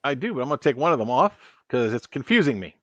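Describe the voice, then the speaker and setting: A man's voice: medium pitch, very animated, fast talker, no room sound, highs cut off. A man hosting a casual live stream, talking and joking straight to his viewers. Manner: chatty, joking, talks to viewers directly.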